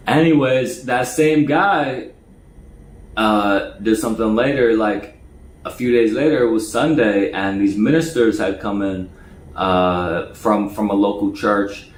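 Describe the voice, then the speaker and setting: A man's voice: on the low side, slow. A man casually telling a personal story, stuttering and restarting words often, and raising his voice when he quotes other people. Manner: acts out other people's lines in a raised voice. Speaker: storyteller recounting personal experiences. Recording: echoey room, faint noise.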